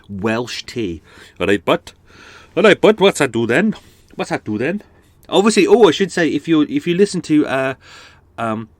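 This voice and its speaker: A man talks in a loose, waffly way, doubling back and restarting his sentences as he goes. His voice sits on the low side and sounds a little stuffed up. He is close on a microphone in a dry, dead space aboard a houseboat. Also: no room sound. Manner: waffly, chatty, self-deprecating, lots of restarts. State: blocked-up nose. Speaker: podcast host. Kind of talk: casual rambling chat. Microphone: close studio microphone.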